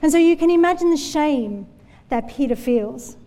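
A woman's voice: high-pitched, animated, normal speed, warm tone. A woman preaching a sermon in a church, telling Bible stories in an earnest, conversational way. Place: church hall. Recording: long hall reverb.

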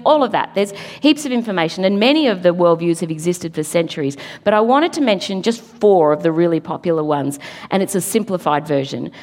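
A woman's voice: lowish voice, darkish tone. A middle-aged woman giving an earnest, emphatic church talk, now and then laughing at her own slips. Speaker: preacher. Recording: long hall reverb.

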